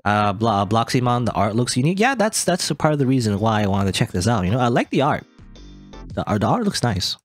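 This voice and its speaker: A man's voice: medium pitch, very animated, fast talker, soft background music. A man reading a story game aloud and rambling off on casual asides full of fillers. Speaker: let's play host.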